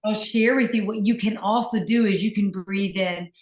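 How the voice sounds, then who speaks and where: A woman's voice: mid-range voice, steady tone, moderate pace, hardly any pauses. Enthusiastic woman breathwork teacher, casual and gushing, recorded in a roomy space. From Virginia, US. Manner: enthusiastic, gushing, with many fillers and restarts. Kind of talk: casual conversation.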